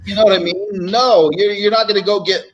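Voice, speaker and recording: A man's voice: high voice, fairly even intonation, fairly quick, lo-fi sound. A middle-aged man, a real estate coach, telling stories on a live show and acting out phone calls as he goes. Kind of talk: live show guest storytelling.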